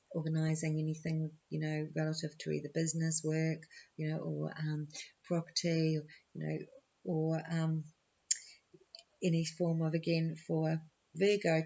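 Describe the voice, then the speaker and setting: A woman talks through an astrology forecast and tarot reading in a husky, gravelly voice. Her delivery stays flat and meandering, full of ums and you knows. The recording sounds dull and lo-fi. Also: deep voice. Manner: rambling, thinks aloud with many ums and you knows.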